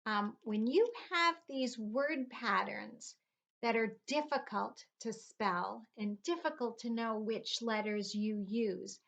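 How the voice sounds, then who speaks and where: A woman's voice: on the high side, slow, creaky, a bit bright. A middle-aged woman teaching a phonics lesson to young children, patiently spelling words out letter by letter. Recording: dull lo-fi recording.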